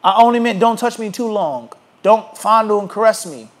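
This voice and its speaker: A man's voice: sits high, lively intonation, normal speed. A man voicing a flustered defendant who makes excuses to a judge, speaking in a raised, pleading tone.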